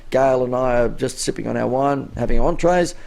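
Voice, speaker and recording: A man's voice: mid-range voice, normal speed, vocal fry, darkish tone. A middle-aged Australian man, a business coach on a live stream, tells anecdotes and keeps asking cheeky rhetorical questions.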